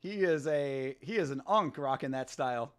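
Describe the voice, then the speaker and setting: A man in his thirties hosting a casual watch-along, excitable, slangy and laughing often. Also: mid-range voice, normal speed, smooth. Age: 30s. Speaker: host.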